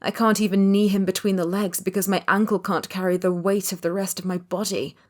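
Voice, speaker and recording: A woman's voice: mid-range voice, little pitch movement, a little fast, darkish tone. A woman narrating a romance audiobook in the first person, tense and wry.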